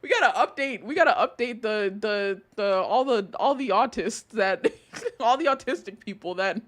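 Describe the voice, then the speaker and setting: A young streamer talks over a clip in a casual reaction style, cursing freely and laughing as if she can't believe it. She speaks at normal speed, her high, animated voice ranging widely in pitch.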